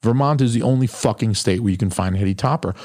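A man's voice: on the low side, fast talker, dark tone, no room sound, clean studio sound. A man hosting his podcast, talking in a crude, blunt, rambling way and swearing constantly. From New Hampshire. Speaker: podcast host. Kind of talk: profane casual monologue.

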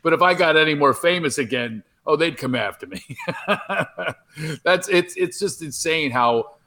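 A middle-aged man telling stories as a comedian guest, with a somewhat raised pitch. He rambles and restarts often, animated and loose, over a remote call. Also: moderate pace. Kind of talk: casual podcast interview.

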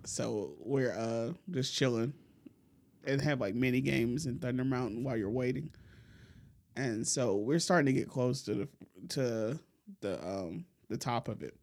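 A man hosting a podcast, telling a long, profane story in a relaxed way and laughing often. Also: mid-range voice, unhurried. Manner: laid-back, profane, laughs often while telling stories. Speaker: podcast host. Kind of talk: casual storytelling chat.

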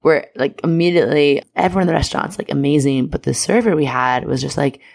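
A woman's voice: low-pitched, quick pace, creaky, darkish tone. A young adult woman telling a personal story in a casual monologue, full of "like" fillers and candid swearing.

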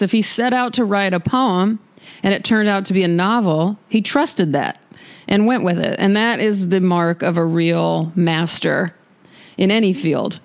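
A woman's voice: medium pitch, gravelly. A woman podcast host in her studio, chatting candidly and emphatically between poetry readings. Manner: candid, emphatic, self-deprecating. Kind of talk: casual chat and poetry reading.

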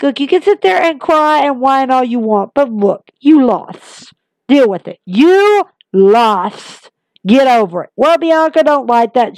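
Woman doing a casual wrestling recap, pretty high voice, super emphatic and opinionated, dry close sound. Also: no echo, low-quality recording. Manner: animated, emphatic, repeats points for stress.

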